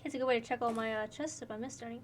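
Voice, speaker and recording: A woman's voice: fairly high pitch, steady tone, very fast, slight background noise. Casual, cursing woman game streamer. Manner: casual, swears freely. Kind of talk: casual gameplay commentary. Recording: faint game music behind.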